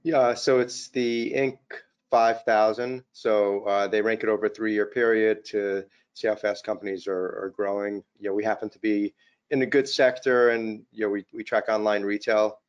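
A middle-aged man, a podcast guest, tells anecdotes in a modest, easygoing way, leaning on "you know" and filler words. His voice is at a middling pitch, and the audio sounds slightly dull and lo-fi. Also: fairly even intonation, normal speed, clear, resonant tone. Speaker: company CEO guest. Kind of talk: casual interview storytelling.

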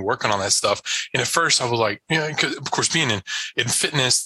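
A man talking as a podcast guest in a relaxed, rambling way, full of fillers and restarts. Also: fairly low pitch, husky, no echo, low-quality recording. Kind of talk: casual chat.

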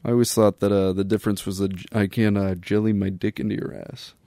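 A man's voice: fairly low pitch, level tone, fast talker, dark tone, no echo. A young man co-hosting a podcast, trading casual comedic banter and laughing often. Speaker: podcast co-host.

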